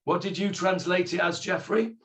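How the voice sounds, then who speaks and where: Leading a Bible study class in a high voice, a man takes his explanations slowly, quotes the figures as if speaking in their place, and quizzes his students along the way.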